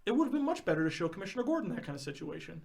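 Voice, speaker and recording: Guy ranting super fast on a podcast, kinda high voice, swears a lot. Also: sing-song, vocal fry, darkish tone. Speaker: podcast co-host. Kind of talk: casual chat.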